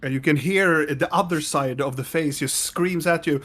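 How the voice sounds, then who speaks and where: A man's voice: fairly high pitch, normal speed, a bit bright, soft background music. A man running a tabletop game as game master, describing scenes unhurriedly and laughing often.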